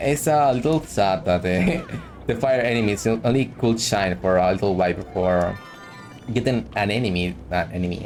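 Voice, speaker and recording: A low-voiced man giving loose let's-play commentary, chatty and joking, with little self-mocking asides to the viewer. Faint game music plays under his voice. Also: a little mellow. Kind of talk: casual gameplay commentary.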